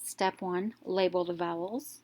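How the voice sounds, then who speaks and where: A woman with a fairly low voice teaching a phonics lesson. She walks through each step slowly and deliberately, sounding out letters one by one before blending them into a word. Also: steady tone, darkish tone.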